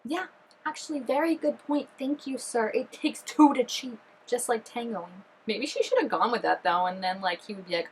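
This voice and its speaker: A woman chatting excitedly through a reaction video, full of fillers and giggly asides. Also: fairly high pitch, moderate pace, slightly rough, poor audio. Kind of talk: casual reaction commentary.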